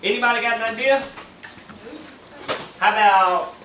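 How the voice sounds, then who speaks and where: A man's voice: high voice, moderate pace, bright, forceful tone, a little hiss or hum. A man teaching a middle school class, coaxing students by name as he walks them through an exercise. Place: noisy classroom. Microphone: handheld camera from across the room. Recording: echoey classroom recorded from far off.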